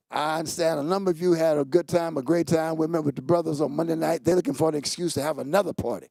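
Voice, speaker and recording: A man's voice: quick pace, creaky, few pauses, no room sound, faint music behind. A man hosting a church talk show, giving casual announcements in a playful way and joking with the studio crew. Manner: playful, jokes with the crew, animated pitch jumps. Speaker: pastor and show host. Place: studio set.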